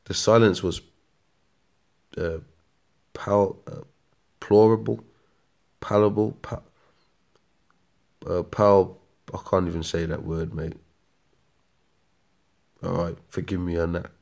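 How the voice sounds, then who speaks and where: A British man with a very low voice preaches in a loose, rambling way. He peppers his talk with slang and trips over words when he reads aloud. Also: level tone, slow pace, creaky, long pauses. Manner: slangy, ends lines with "man" and "mate". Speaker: street preacher. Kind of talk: casual preaching monologue.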